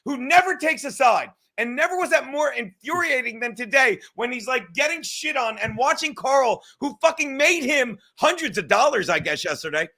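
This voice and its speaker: A middle-aged man delivers a profane, insulting podcast rant. His voice sits high and cuts through with a bright, tense edge. He swears freely and talks as though his anger has nowhere else to go. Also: expressive, creaky. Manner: angry, insulting, fast swearing. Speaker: podcast guest. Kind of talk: profane ranting commentary.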